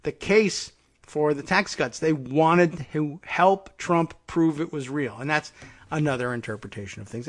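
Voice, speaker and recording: A man's voice: mid-range voice, gravelly. A middle-aged man hosting a political commentary podcast, talking in a sarcastic, exasperated way. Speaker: host.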